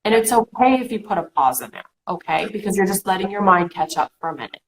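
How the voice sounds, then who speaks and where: A woman's voice: mid-range voice, lively intonation, quick pace, poor audio. A woman in her thirties co-hosting a casual coaching chat, talking through examples with lots of "okay" and "you know". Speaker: co-host.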